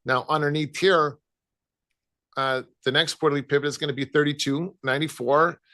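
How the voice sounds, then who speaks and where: A man with a Chicago accent, casually talking through gold price levels as a trading analyst, with many halting restarts. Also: a little high, steady tone, bright, forceful tone. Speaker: futures trading guest analyst. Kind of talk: casual market talk.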